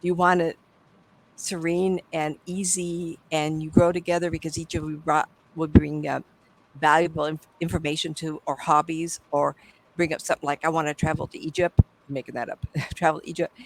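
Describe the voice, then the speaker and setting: An older woman, a psychic medium, telling stories in a casual interview, animated and acting out the people she quotes, often trailing off and starting over. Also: deep voice, normal speed, low-quality recording. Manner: animated, acts out quoted voices, trails off and restarts.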